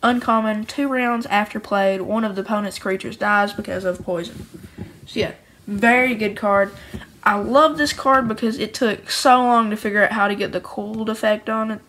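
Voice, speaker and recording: A woman's voice: medium pitch, moderate pace, a bit bright, slight background noise, poor audio. A woman who makes her own card game, casually and cheerfully going through each card, rambling and often restarting her sentences. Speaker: homemade card game creator.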